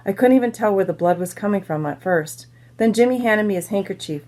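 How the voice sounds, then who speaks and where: A woman's voice: mid-range voice, lively intonation, fairly quick, mellow. A woman reading a children's novel aloud, telling it in plain first-person storytelling. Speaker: reader.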